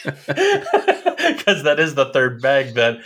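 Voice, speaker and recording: Bright-voiced man chatting about movies. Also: mid-range voice, expressive, normal speed, slight background noise. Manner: laughs often, quotes lines in put-on voices. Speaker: podcast co-host. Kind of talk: casual movie discussion.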